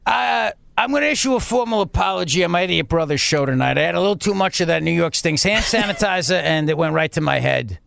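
Male host putting on a pompous bully governor, slow smug drawl, higher voice, dry booth sound. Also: vocal fry, a bit bright, no echo. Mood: mock-apologetic. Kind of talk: mocking impression.

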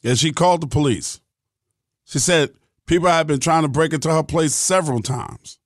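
Middle-aged male podcast host, blunt and profane, slightly high voice, dry close sound. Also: normal speed, dry recording. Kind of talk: podcast monologue.

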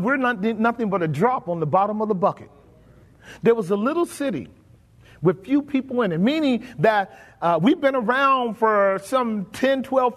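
A pastor preaching a sermon, asking his congregation questions and slipping into folksy, colloquial phrasing. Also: high voice. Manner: colloquial, drops into folksy grammar. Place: church sanctuary. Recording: long reverb of a church hall.

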